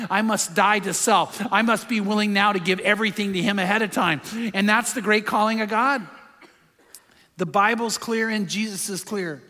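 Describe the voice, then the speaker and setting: A man's voice: high-pitched, sharp tone, in a large hall. A man preaching a sermon as a pastor, emphatic and full of rhetorical questions.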